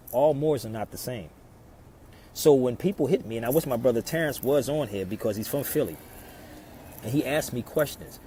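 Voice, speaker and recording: Man of average pitch, streaming outdoors, lectures his viewers with rhetorical questions, faint street noise behind. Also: poor audio. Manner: preachy, rhetorical questions, swings loud and soft. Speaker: live stream host. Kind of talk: casual live stream talk, answering viewer comments. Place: outdoors in a city neighborhood.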